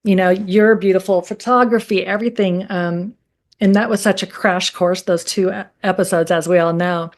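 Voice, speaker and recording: A woman co-hosting a casual interview, reacting warmly and encouraging her guest. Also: medium pitch, fairly even intonation. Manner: warm, encouraging, quick to react. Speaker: podcast co-host.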